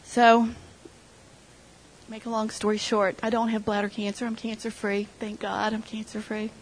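A woman's voice: a little high, level tone, moderate pace, slight background noise, low-quality recording. A middle-aged woman sharing an emotional personal testimony with her church group, retelling conversations as she goes. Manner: emotional storytelling, quoting others.

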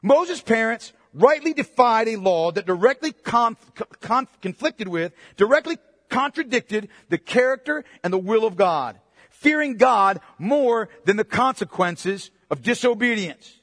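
A man's voice: very high voice, animated, a little slow, fairly bright tone, no echo, clean studio sound, big-room sound. A man preaching a sermon, emphatic, repeating phrases for stress and asking the congregation questions. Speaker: pastor.

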